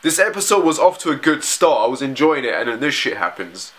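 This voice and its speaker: A man's voice: medium pitch, very animated, fairly quick, a bit bright. A man reacting to a TV episode as he watches it, ranting angrily and swearing often. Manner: angry, profane ranting. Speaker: reaction video host.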